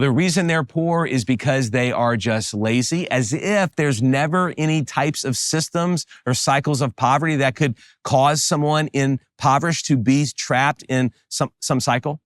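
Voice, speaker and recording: A middle-aged pastor from the New Orleans area with a Southern American accent, giving an animated sermon with emphatic rises. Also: male voice, mid-range voice, dry recording, clean studio sound.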